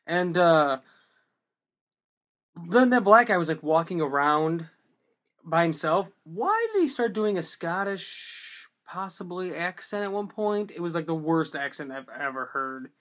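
Casual podcast co-host, mid-pitched, rambling and animated in movie recaps. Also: measured pace. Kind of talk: casual movie review chat.

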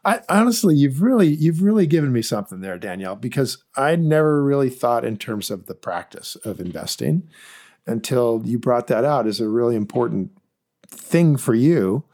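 Animated, rambling male podcast co-host. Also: mid-range voice, normal speed. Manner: animated, rambling with restarts and fillers. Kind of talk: casual investing chat.

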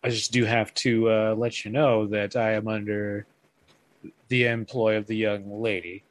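A man playing a tabletop game, speaking politely and deliberately with some hesitation. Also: lowish voice, little pitch movement. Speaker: player.

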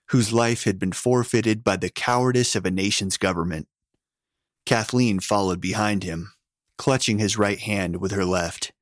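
Low-voiced man narrating a story. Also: dry recording, studio quality. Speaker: audiobook narrator. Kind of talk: scripted narration.

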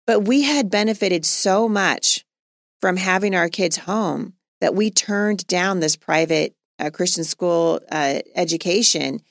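A woman's voice: fairly low pitch, slow, creaky, no room sound, studio quality. A middle-aged woman hosting a podcast, talking earnestly and conversationally and laughing easily. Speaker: podcast host.

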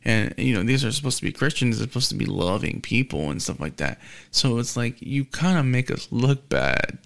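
A man's voice: medium pitch, animated, moderate pace, vocal fry, fairly bright tone. A man hosting a podcast, chatting casually and telling a story, acting out the lines of the people in it. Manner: storytelling, acts out quoted exchanges. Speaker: podcast host.

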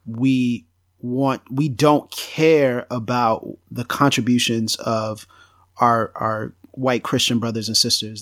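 A man co-hosting a podcast, talking about theology in a direct, candid and animated way. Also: mid-range voice, dry recording, clean studio sound. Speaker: podcast co-host. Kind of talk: theological discussion.

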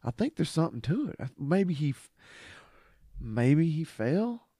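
A man's voice: on the high side, very animated, a little slow, dark tone, husky, dry recording, clean studio sound. A man co-hosting a podcast in casual chat, laid-back, swearing and laughing often. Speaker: podcast co-host.

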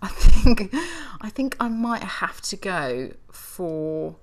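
A woman co-hosting a podcast, chatting relaxed and giggling now and then. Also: mid-range voice, slow, a little hiss or hum. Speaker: podcast co-host. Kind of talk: casual podcast chat.

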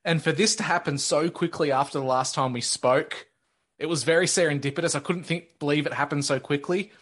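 A man talking on a casual podcast in a measured way, calling his co-host mate. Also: a little high, fairly even intonation.

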